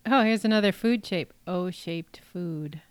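A woman's voice: on the low side, a little slow, clean tone, dry recording. A woman co-hosting a podcast, casually thinking aloud as she works through crossword clues. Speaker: podcast co-host. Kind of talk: casual chat while solving crosswords.

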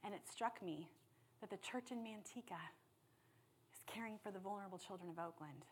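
A woman preaching a sermon with passion, dropping to hushed tones and then rising to loud appeals. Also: mid-range voice, a little fast, a little hiss or hum. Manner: impassioned, swings from hushed to loud.

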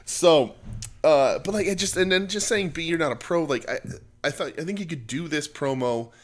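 A man's voice: on the high side, normal speed. Guy rambling through a wrestling podcast, loose and casual, tons of fillers. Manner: rambling, many fillers and restarts. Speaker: podcast co-host.

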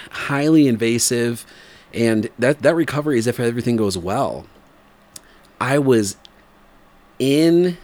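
Telling a story in casual conversation, a man in his forties speaks in a mid-range voice. He wanders, fills gaps, laughs, and puts on animated voices when quoting people.

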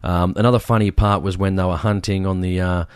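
A man co-hosting a podcast, chatting casually and retelling stories with lively mimicry. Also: brisk, clean tone, dry recording, studio quality. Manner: animated storyteller, mimics people in high voices. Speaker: podcast co-host.

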